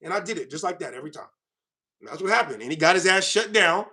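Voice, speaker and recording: A man hosting his own channel, ranting to viewers in a heated, confrontational way, swinging between loud outbursts and quiet asides. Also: high-pitched, lively intonation, fast talker. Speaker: channel host.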